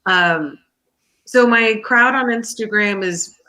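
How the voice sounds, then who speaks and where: A woman's voice: medium pitch, takes it slowly, pushed and bright. A woman guest who reads tarot, chatting and explaining at length. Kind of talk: casual chat.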